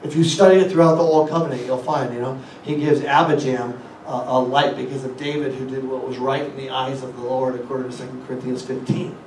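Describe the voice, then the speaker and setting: A man's voice: mid-range voice, steady tone, brisk, darkish tone, reverberant, far from the mic, a little hiss or hum, rough recording. A man preaching a sermon as a guest speaker, asking the congregation rhetorical questions and quoting scripture. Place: church hall.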